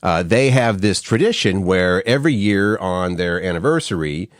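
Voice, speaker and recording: Middle-aged guy co-hosting a morning show, deep voice, rambly, lots of restarts. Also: lively intonation, moderate pace, no echo, clean studio sound. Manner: rambling storyteller, many restarts. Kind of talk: casual morning-show chat.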